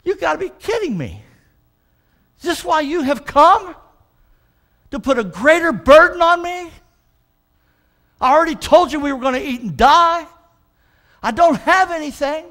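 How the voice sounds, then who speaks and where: A desperate widow, played by a male preacher, lashes out in a raised, high voice. She fires indignant, accusing questions, exasperated and worn down by grief. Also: expressive, measured pace, long pauses, a bit bright, heavily acted.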